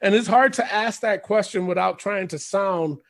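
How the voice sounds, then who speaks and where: A man's voice: high voice, moderate pace. A man co-hosting a podcast in casual chat, rambling, laughing and swearing freely. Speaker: podcast co-host.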